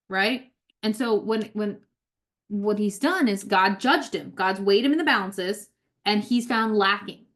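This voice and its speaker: A woman leading a Bible study, explaining scripture in a relaxed, conversational way and slowing down to read verses aloud with emphasis. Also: mid-range voice. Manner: conversational, keeps asking "right?", reads scripture aloud slowly with emphasis. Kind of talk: casual Bible study teaching.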